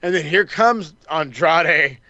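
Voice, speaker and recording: A man co-hosting a podcast, recapping wrestling in a casual, animated and profane way, acting out the wrestlers' lines. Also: fairly high pitch, takes it slowly, no room sound, highs cut off. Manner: animated, swears a lot, acts out wrestlers' lines. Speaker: podcast co-host.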